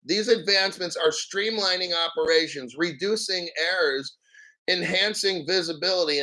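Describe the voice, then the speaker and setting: A man hosting a crypto livestream, reading an article aloud with profane, sarcastic rambling asides and frequent throat-clearing. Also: a little high, bright, forceful tone, low-quality recording. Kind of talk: profane ranting commentary while reading an article.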